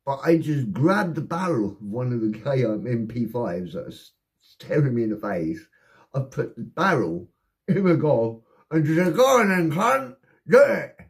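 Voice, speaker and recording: A man's voice: medium pitch, normal speed. Sweary man telling a story. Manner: sweary, rambling, animated. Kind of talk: casual anecdote telling.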